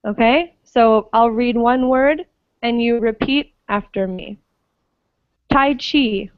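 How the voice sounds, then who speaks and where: A woman's voice: on the high side, clear, resonant tone, no room sound, phone-quality sound. A woman teaching an online English pronunciation class, patiently checking that students follow. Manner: slow, patient, checks understanding often.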